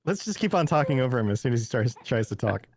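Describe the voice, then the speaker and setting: A man's voice: mid-range voice, sing-song, fast, dry recording, clean studio sound. A man co-hosting a gaming podcast in casual chat, tossing in teasing wisecracks. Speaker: podcast co-host.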